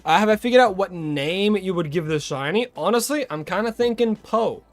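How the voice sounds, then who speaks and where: A man's voice: high voice, expressive, moderate pace, no room sound. A young Australian man chatting casually with his viewers as a game streamer, greeting them and rambling between tips. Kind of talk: casual live-stream chat.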